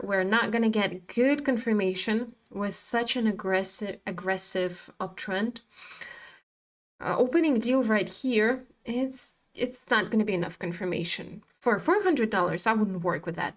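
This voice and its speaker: Animated woman streaming her trades. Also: a little high. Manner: animated, swears freely, talks to her chart. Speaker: trading streamer. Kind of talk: casual live-stream commentary.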